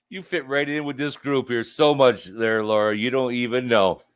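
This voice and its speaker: A man's voice: mid-range voice, clean tone. A man hosting a casual livestream, rambling and joking as he answers viewer comments. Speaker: livestream host.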